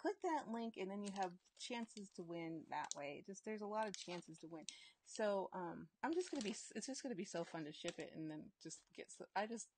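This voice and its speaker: A woman's voice: medium pitch, lively intonation, brisk, darkish tone, slight background noise. A woman hosting a casual live-stream giveaway, bubbly and chatty, laughing often and reading out viewer comments as she unpacks items. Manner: chatty, trails off and restarts.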